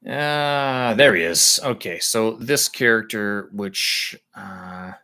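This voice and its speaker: A man on a live stream, thinking aloud with halting speech as he explains language points to his viewers. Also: lowish voice, pushed and bright. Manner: halting, searching for words with many pauses.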